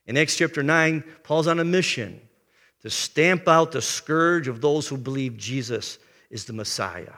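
Gravelly older male pastor preaching. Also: a little high, lively intonation, a little slow, pushed and bright, in a large hall. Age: 70s. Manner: earnest storytelling, frequent throat clearing. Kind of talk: sermon.

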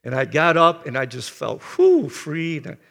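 An older man in his seventies preaches a sermon with a gravelly, creaky voice. He tells stories earnestly and clears his throat often. A long reverb from the hall trails his words. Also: a little high, wildly swooping pitch, measured pace, fairly bright tone. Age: 70s. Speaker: pastor.

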